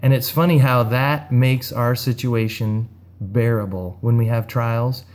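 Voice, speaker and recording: Man, minister, gentle earnest devotional talk, mid pitch. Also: fairly even intonation, measured pace.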